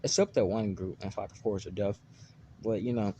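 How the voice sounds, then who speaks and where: A man's voice: lowish voice, fairly even intonation, moderate pace, mellow, slight background noise. A man casually narrating an imagined fan story, rambling with many fillers and restarts.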